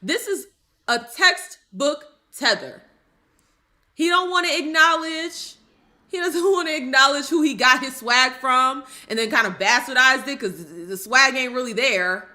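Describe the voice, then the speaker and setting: Woman, high-pitched, bright, blunt heated commentary. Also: unhurried. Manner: blunt and heated, with profanity and rhetorical questions. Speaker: commentary streamer. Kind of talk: opinionated casual commentary.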